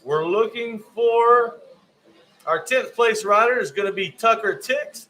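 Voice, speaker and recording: A man's voice: high-pitched, unhurried, pushed and bright, rough recording. A man giving live race commentary, often stumbling over rider names and correcting himself.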